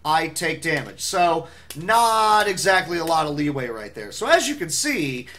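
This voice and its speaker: A man's voice: fairly high pitch, sing-song, a little slow, sharp tone. A man speedrunning a game live, rambling through his commentary with self-mocking jokes.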